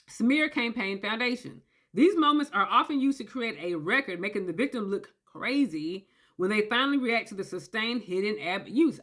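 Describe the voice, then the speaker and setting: A woman giving a casual explainer, emphatic and animated, often checking in with "okay?" and acting out quoted voices. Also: on the high side. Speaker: commentator on narcissistic abuse. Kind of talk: casual talking-head explainer.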